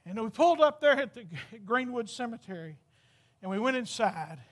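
A man's voice: very high-pitched, lively intonation, moderate pace. A man preaching a folksy, exclamatory storytelling sermon, laughing at his own jokes.

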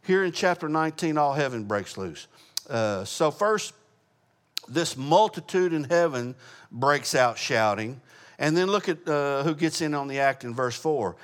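A man teaching a Bible study in a relaxed, conversational way, asking the group questions as he goes. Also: a little high, measured pace. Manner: casual, asks the group questions, frequent uh fillers.

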